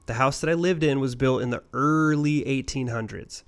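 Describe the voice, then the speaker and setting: A man's voice: medium pitch, normal speed, smooth. A man co-hosting a casual podcast spins a long, rambling ghost story in an ordinary mid-range voice. His talk is loose and peppered with swearing. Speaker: podcast co-host.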